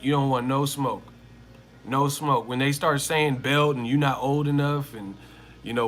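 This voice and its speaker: A man's voice: mid-range voice, moderate pace, fairly bright tone, faint music behind. Slangy, emphatic man ranting on a stream. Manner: slangy, emphatic, repeats himself. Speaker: boxing commentary channel host. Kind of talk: casual live-stream commentary.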